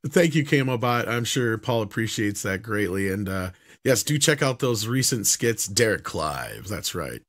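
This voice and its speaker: A man's voice: lowish voice, very animated, normal speed, few pauses, fairly bright tone, no room sound, clean studio sound. A man hosting a live-streamed talk show, casually wrapping up and thanking his guests, laughing often.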